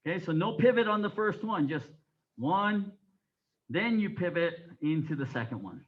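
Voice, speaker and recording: A man teaching a taekwondo class. He barks counts and commands and explains technique calmly in between. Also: high voice, moderate pace, narrow, tinny audio. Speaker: taekwondo instructor. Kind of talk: coaching a martial arts class. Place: martial arts training hall.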